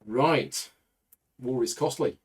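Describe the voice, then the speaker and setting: A man's voice: medium pitch, takes it slowly, husky. Man hosting a board game playthrough. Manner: talks through steps aloud, counting totals. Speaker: board game host and player. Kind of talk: casual tabletop playthrough chat.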